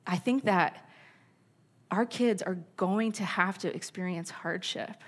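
A woman's voice: on the low side, slow. Candid woman teaching on parenting. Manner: candid, anecdotal, with scripture quotes. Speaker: church speaker on parenting. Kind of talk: sermon-style teaching talk.

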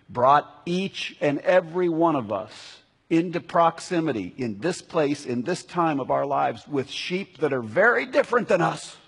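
A man preaching a sermon as pastor, emphatic, slowing down to stress key words. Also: medium pitch, creaky, husky. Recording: long hall reverb.

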